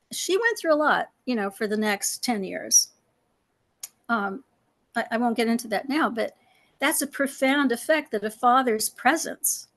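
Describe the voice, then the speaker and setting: A woman's voice: sits high, a bit bright. A middle-aged woman, a panel guest, speaking earnestly and personally, with many fillers and retold dialogue. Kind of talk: personal reflective talk.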